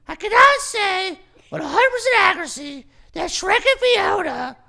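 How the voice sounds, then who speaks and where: A nervous wooden puppet boy talks in a thin, strained squeak, hedging every word. far above his own range, and he pushes it out loud and tight. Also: expressive, moderate pace, gravelly, full character voice. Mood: evasive.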